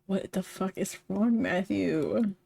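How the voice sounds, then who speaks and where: A young woman streamer reading a story game aloud, chatty and quick to laugh between lines. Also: medium pitch, vocal fry, dark tone, slightly rough. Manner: chatty, laughs often, reads narration then comments. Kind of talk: reading a visual novel aloud with commentary.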